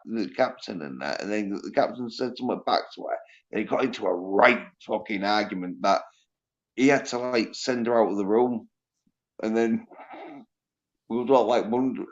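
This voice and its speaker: A man hosts a loose livestream chat, spinning a rambling story full of swearing and trailing-off phrases. The sound is dull and muffled, like a cheap voice-chat mic. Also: medium pitch. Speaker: livestream host. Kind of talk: casual chat.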